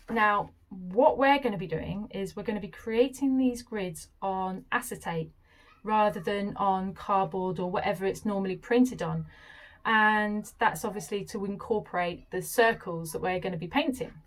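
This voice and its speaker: A young woman, explaining a craft project in a casual, chatty vlog and gushing with excitement along the way. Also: mid-range voice. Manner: enthusiastic and chatty, with gushing asides. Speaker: crystal and crafts vlogger.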